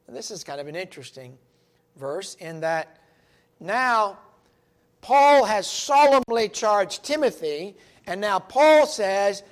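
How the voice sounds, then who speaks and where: Man, fairly high pitch, bible teacher, emphatic sermon delivery. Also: very animated. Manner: earnest, emphatic, reads scripture aloud with slowed stress.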